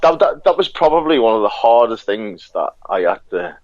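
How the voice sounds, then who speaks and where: Chatty British actor, laughing often. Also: male voice, lowish voice, sing-song, normal speed, background noise. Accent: British regional. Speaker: podcast guest, actor. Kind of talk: casual chat. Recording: dull lo-fi sound, dry.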